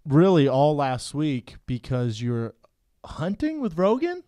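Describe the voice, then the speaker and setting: A man's voice: on the high side, huge pitch swings, warm tone. A man in a casual chat, teasing his co-host and telling a crude childhood story. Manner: teasing, quick wisecracking comebacks. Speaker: podcast co-host.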